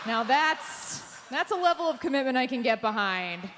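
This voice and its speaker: A woman performing a stand-up comedy set on a theater stage, delivering deadpan punchlines and jumping high for quoted voices. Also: normal speed, hardly any pauses, a little hiss or hum. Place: theater stage before a live audience. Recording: live stage mic with hall reverb.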